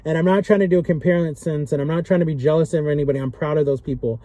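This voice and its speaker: A man's voice: fairly high pitch, fairly even intonation, rapid-fire, mellow, dry recording. A young man talking straight to camera in an impassioned vlog, earnest and pleading, repeating himself for emphasis and emotional as he speaks. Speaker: vlogger. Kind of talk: impassioned direct-to-camera talk.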